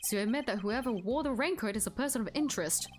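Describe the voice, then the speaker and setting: A woman reading the lines of a polite, evasive male ice cream seller in a game, in a slightly lowered, unhurried voice. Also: animated, a little hiss or hum, lightly acted.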